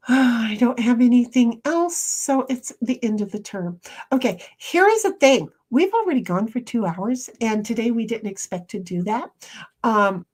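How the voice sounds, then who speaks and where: A woman streams from home and chats casually with her viewers, reading their comments aloud. Her voice sits a little high and she takes her time. She rambles, restarts sentences and lets soft asides trail away. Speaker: live streamer.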